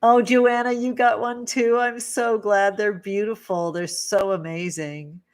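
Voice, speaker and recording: A woman's voice: mid-range voice, fairly even intonation, unhurried. Gushing woman hosting a livestream. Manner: gushing and affectionate, full of pet names. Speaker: livestream host, tarot reader and witch. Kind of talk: casual livestream chat with viewers.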